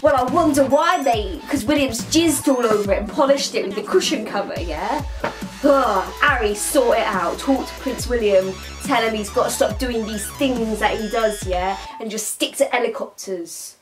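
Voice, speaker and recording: A woman's voice: a little high, moderate pace, over music. A woman doing a rambling comic monologue full of slang, ending lines with 'mate' and 'yeah?'. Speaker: vlogger playing a comic persona.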